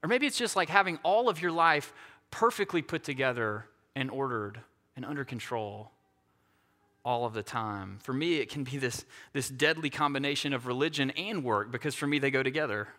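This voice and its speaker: A man's voice: medium pitch, bright, forceful tone. A male pastor giving a conversational sermon, often checking in with his listeners. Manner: conversational, self-deprecating, asks "right?" often. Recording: hall reverb.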